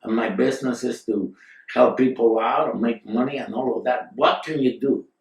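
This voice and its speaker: A man's voice: medium pitch, moderate pace, natural voice. A man voicing a proud female tantric mystic who scolds and boasts, recorded from a distant mic in a roomy space. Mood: indignant.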